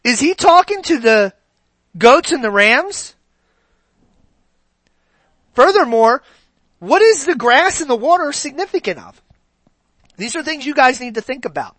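A man's voice: extremely high pitch, sing-song, measured pace, pauses often, a bit bright, dry recording. A man preaching a sermon in a conversational way, often asking his congregation questions.

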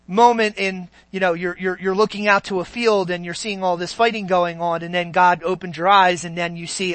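Male pastor, high bright voice, chatty sermon delivery with frequent call-outs to the congregation, dry close sound. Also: fairly quick, few pauses, no room sound. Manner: conversational preaching with frequent "Amen?" and "okay?" check-ins.

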